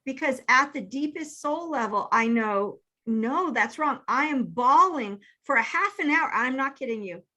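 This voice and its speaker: Woman, 50s, bright higher voice, earnest heartfelt storyteller. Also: lively intonation, a little slow, few pauses. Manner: emotional, earnest, acts out quoted texts. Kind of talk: casual storytelling.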